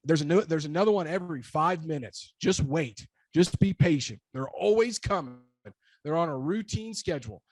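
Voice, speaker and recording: A man's voice: a little high, lively intonation, moderate pace. A man, a real estate broker, giving emphatic motivational advice in short, punchy, repeated phrases. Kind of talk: energetic motivational talk.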